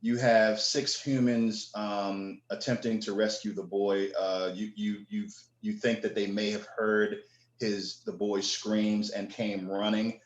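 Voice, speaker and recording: A man running a tabletop game as game master, explaining the rules at an unhurried pace with many fillers. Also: on the low side, flat delivery, echoey room, muffled recording.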